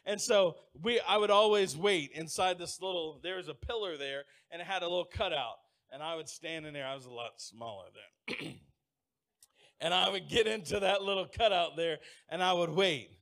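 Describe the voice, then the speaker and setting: A man's voice: high-pitched, normal speed, vocal fry. A man preaching a sermon, telling folksy stories and calling on the congregation to answer back. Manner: lively preaching with call-and-response; folksy storytelling. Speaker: pastor.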